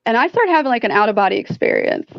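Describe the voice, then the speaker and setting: Profane, animated woman telling a story. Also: a little high, very fast, gravelly, no echo, dull audio. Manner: animated, profane, heavy use of "like". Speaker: guest. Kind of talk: casual storytelling chat.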